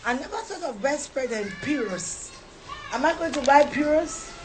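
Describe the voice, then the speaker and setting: A woman's voice: sits high, animated, moderate pace, faint music behind. A middle-aged woman with a Ghanaian English accent, vlogging with her sons in a car, mock-crying, laughing and teasing them. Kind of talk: casual family vlog.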